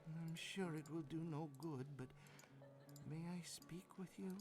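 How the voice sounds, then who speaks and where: A man's voice: fairly high pitch, measured pace, natural voice. An actor playing a miserable male villager who apologetically begs for help in a video game. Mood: pleading. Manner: mournful, apologetic pleading. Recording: game audio over music.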